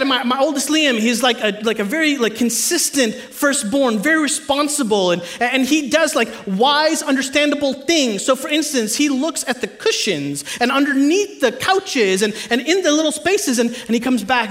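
High-voiced pastor telling funny stories. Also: male voice, normal speed. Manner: animated, humorous storytelling to a congregation. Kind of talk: sermon. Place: church stage before a live audience.

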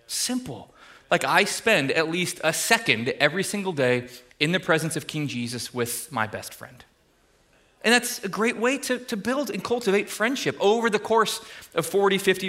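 A man's voice: a little high, pushed and bright. A young man preaching a sermon to his church in a casual, conversational way, full of fillers and asides. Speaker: pastor.

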